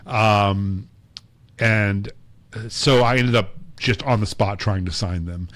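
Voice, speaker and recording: A man's voice: fairly low pitch, takes it slowly, a bit bright, no echo. A man co-hosting a podcast, telling long casual stories with lots of fillers and acted-out quotes. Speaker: podcast co-host. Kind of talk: casual storytelling chat.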